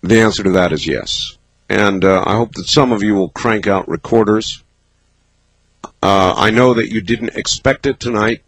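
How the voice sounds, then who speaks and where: A man hosting a late-night call-in radio show from a studio, musing and halting as he thinks aloud. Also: fairly low pitch, fairly bright tone, breathy edge, no echo, low-quality recording. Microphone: studio microphone.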